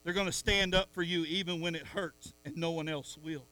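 A middle-aged man preaching a sermon in church, swinging from soft asides to loud calls at the congregation. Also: fairly high pitch, steady tone, a little fast. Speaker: pastor.

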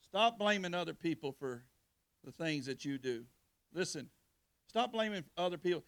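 A male pastor preaching with a high, gravelly voice. He talks plainly and colloquially and keeps calling on the congregation to answer back, raise hands and repeat after him. His delivery moves from quiet, low asides up to forceful, raised exhortation. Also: expressive, moderate pace. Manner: preaching with call-and-response to the congregation; colloquial Southern speech. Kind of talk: sermon.

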